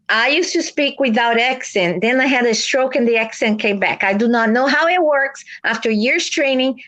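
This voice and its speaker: A woman talks on a casual video livestream in a high voice. She tells her stories earnestly, breaking off and restarting as she goes. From South America. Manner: earnest, animated storytelling with restarts. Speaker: livestream host. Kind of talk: casual chat.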